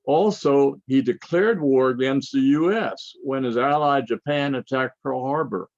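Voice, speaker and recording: Older man lecturing, gravelly and halting. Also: medium pitch, no echo, lo-fi sound. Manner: halting, with frequent restarts and fillers. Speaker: conference speaker. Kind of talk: lecture with slides.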